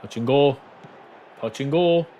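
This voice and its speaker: A man streaming a football video game live, thanking viewers and shouting excitedly at his players. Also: mid-range voice, measured pace, slight background noise. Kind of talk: live gaming commentary.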